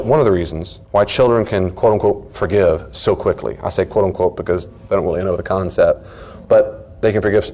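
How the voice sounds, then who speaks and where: Middle-aged man, pastor, low voice, folksy storyteller, live church talk. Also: darkish tone. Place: church meeting room.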